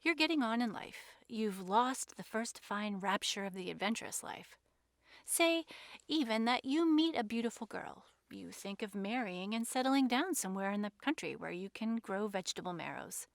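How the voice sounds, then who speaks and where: A woman voicing an unflappable, amused gentleman who talks lightly and teasingly. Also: mid-range voice, animated, moderate pace, gravelly, no echo, studio quality.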